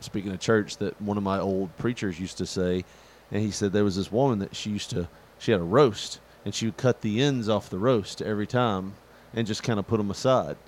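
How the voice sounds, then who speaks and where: A middle-aged man chatting casually, rambling with fillers and jumping into animated quoted voices. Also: fairly quick, a little hiss or hum. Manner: animated storyteller, jumps into high-pitched quoted voices; rambling, many fillers and restarts. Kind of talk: casual chat.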